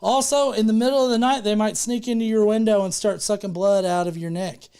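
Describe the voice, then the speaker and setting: A woman's voice: medium pitch, fairly even intonation, fairly quick, mellow, clear, resonant tone. A woman chatting on a casual livestream, rambling through a silly made-up story while joking and swearing freely. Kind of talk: casual, profane livestream banter.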